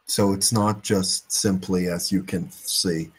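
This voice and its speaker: A man's voice: low-pitched, steady tone, slow, slightly rough. A man in his twenties in casual group talk, rambling about abstract ideas and tripping over repeated words. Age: 20s.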